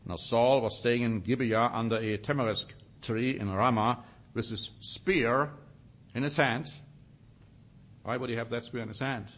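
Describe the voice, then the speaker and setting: A man teaching a sermon, reading scripture with rising emphasis and slowing down to stress single words. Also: medium pitch, steady tone, fairly bright tone. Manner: reads scripture aloud with rising emphasis, then comments. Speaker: preacher.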